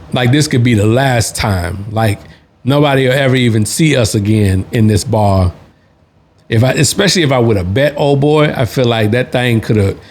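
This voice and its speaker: A man hosting a show, telling a story in a casual, rambling way, full of restarts and slang. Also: medium pitch. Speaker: podcast host, Navy veteran.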